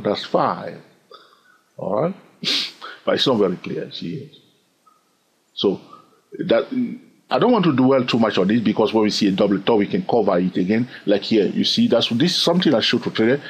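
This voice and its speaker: A husky man with a French accent walks viewers through a trading chart. His pitch moves a lot, and he keeps checking in with "yes or no?" He skips steps with "blah, blah.". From France. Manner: repetitive, asks "yes or no?" often; says "blah, blah" to skip steps. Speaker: trading educator. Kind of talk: screen-share chart lesson.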